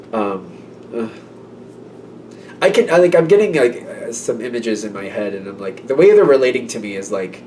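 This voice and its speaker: A man's voice: on the low side, a little mellow, distant mic, slight background noise. A man giving a casual tarot reading, chatty and rambling, with lots of fillers and acted-out asides. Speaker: tarot reader.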